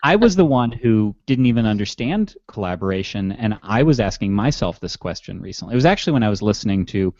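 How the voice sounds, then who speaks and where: A man's voice: fairly low pitch, lively intonation, fast talker, few pauses, a little mellow, no room sound, muffled recording. A man hosting a podcast in casual chat, rambling and mocking himself with frequent chuckles. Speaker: podcast host.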